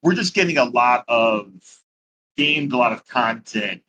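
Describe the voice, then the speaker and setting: A man's voice: mid-range voice, expressive, unhurried, pushed and bright, rough recording. A man co-hosting a casual podcast, hesitant and enthusiastic, often repeating words. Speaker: podcast co-host. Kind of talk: casual chat.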